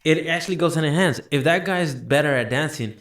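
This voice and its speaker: A man hosting a casual podcast chat, talking excitedly, restarting and repeating words, calling people bro. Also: on the high side, a little fast. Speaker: podcast host.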